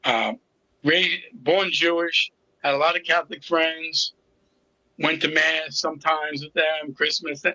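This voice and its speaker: A man's voice: fairly high pitch, steady tone, a little slow, pushed and bright, no room sound, dull audio. A middle-aged man telling his personal story as an interview guest, candid and with a sarcastic sense of humor. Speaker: interview guest, recovery coach.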